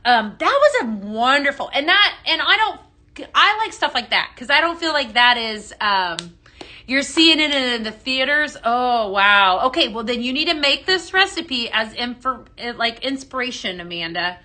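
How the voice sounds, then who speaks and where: A woman's voice: high-pitched, expressive, unhurried, bright, forceful tone. A woman with a Texan accent hosting a casual live stream, chatty and bubbly, greeting viewers by name and laughing often. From Texas. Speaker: live-stream host mixing fragrances. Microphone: phone.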